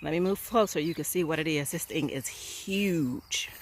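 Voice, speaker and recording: A woman's voice: low voice, moderate pace, slight background noise. A woman, chatting enthusiastically to a handheld phone camera outdoors on a farm. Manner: enthusiastic, chatty, keeps saying y'all. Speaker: homestead vlogger. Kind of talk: casual vlog talk to camera. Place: outdoors on a rural hillside farm.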